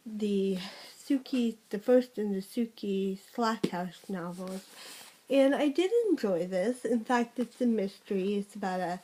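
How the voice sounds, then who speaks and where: A young woman talks through her month's reading in a loose, rambling way. She restarts sentences often and leans on "like" and "um." Her voice sits at an ordinary pitch for a woman. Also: darkish tone, rough recording. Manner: chatty, rambling, many fillers and restarts. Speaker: book vlogger. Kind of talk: casual book review vlog.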